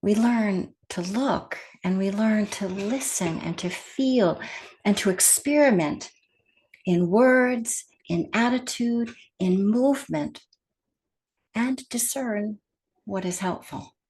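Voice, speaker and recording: Slow, gentle woman meditation teacher. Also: medium pitch, a little hiss or hum. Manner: gentle and soft-spoken, with hushed whispered phrases. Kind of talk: guided meditation talk.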